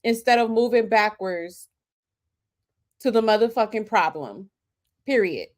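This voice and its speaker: A woman's voice: mid-range voice, animated, a little slow, a little mellow. A woman hosting a casual reaction commentary, slangy and emphatic, talking straight to her viewers. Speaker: commentary host.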